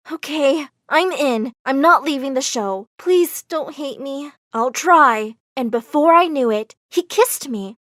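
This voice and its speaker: A woman narrating an animated story in first person, expressive and dramatic. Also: high voice, no echo, studio quality.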